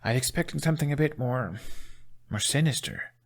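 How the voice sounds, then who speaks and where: A man's voice: mid-range voice, lively intonation, moderate pace, vocal fry, pitched above the performer's own voice. A man voicing an uneasy young male Viking dragon rider who mutters his thoughts.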